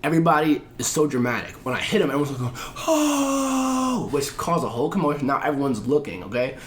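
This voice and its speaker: Racing along in a mid-range voice, this podcast guest spins a profane, animated story in casual chat, imitating the people he quotes. There's slight background noise.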